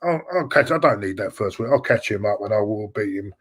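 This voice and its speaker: A man's voice: on the low side, lively intonation, fairly quick, husky. A middle-aged man hosting a fan live stream, rambling and repeating himself as he chats to viewers. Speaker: fan channel host. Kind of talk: live-stream chat reading viewer messages.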